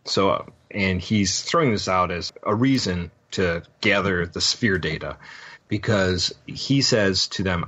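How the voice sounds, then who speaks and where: A man with a very deep voice talks through a show recap in a loose, meandering podcast chat, stopping often to fill gaps with ums and uhs. The sound is dull and lo-fi. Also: unhurried, fairly bright tone. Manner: rambling, full of ums and uhs. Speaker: podcast host. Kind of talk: casual episode recap.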